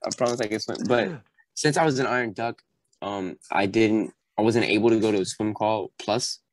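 A young adult man as a podcast guest, telling animated stories full of fillers and acting out quoted voices with sudden high jumps. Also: moderate pace, poor audio. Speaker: podcast guest, Marine recounting boot camp. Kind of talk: casual storytelling chat.

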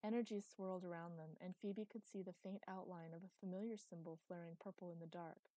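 A woman narrating a fantasy audiobook with a measured, expressive delivery. Her voice sits low and mellow, recorded dry and close. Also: no room sound.

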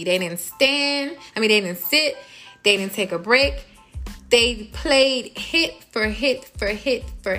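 A young woman hosting a casual celebrity gossip talk, animated and exasperated, cursing and repeating herself as she rants. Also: medium pitch. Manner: animated, exasperated, profane and repetitive. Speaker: host.

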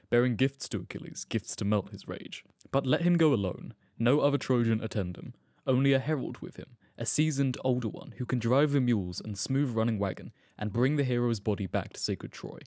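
A man's voice: medium pitch, brisk, few pauses, darkish tone, no echo, clean studio sound, natural voice. A man voicing the commanding king of the gods, issuing orders in a dramatic audiobook reading. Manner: commanding, declamatory.

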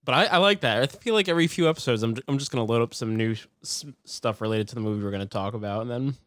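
A man's voice: medium pitch, quick pace, fairly bright tone, dry recording. A man co-hosting a movie-review podcast in casual chat, rambling with many fillers and chuckles. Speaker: podcast co-host.

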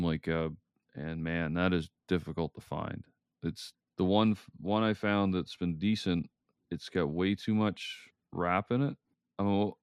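Deep, gravelly man in casual chat. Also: dry recording, studio quality. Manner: hesitant, trailing off, laughs often. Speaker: podcast co-host.

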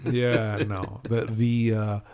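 A man's voice: on the low side, little pitch movement, slow, darkish tone, smooth. A man on a casual podcast, telling a story animatedly with lots of fillers and acted-out quotes. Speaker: podcast host. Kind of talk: casual chat.

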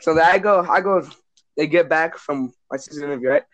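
Profane, animated young man telling a story. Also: on the high side, brisk, no echo, muffled recording. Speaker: storyteller among friends. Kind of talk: casual chat.

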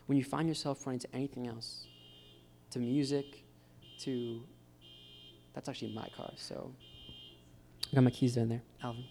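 A man preaches an informal, encouraging sermon at a church gathering while a guitar plays faintly. His mid-range voice is creaky and a little mellow, with slight background noise, and he keeps addressing the crowd as "guys."

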